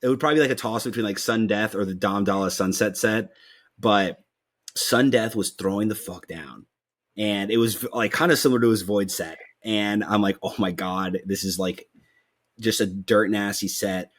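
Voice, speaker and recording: A young man hosts a podcast in a lowish voice at a moderate pace. He chats casually and rambles, using lots of fillers and swearing freely.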